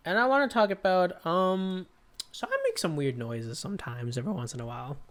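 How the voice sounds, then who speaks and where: A man's voice: high voice, big pitch swings, a little fast. A young man co-hosting a casual comedy podcast, telling self-deprecating stories in a rambling way, full of fillers. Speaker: podcast co-host.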